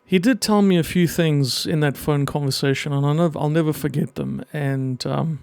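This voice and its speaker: A middle-aged man with a slightly high, gravelly voice records an emotional personal message, speaking earnestly with halting pauses. The sound is dry and close, with no room echo. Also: darkish tone. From half Greek. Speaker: vlogger and children's book writer.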